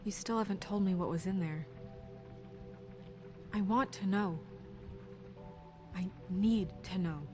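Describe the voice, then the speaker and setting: A woman's voice: medium pitch, slow, long pauses, darkish tone, close to an everyday voice. An actress playing an earnest, insistent young woman deputy in a video game, over game music. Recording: game audio with music behind.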